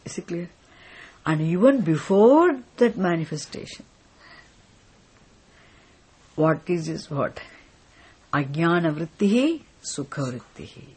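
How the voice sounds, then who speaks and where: Teacher, kinda raspy, slow careful lecture, keeps asking if it's clear. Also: mid-range voice, big pitch swings, a little mellow. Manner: deliberate, repeatedly checks understanding. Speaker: spiritual teacher. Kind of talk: philosophy lecture.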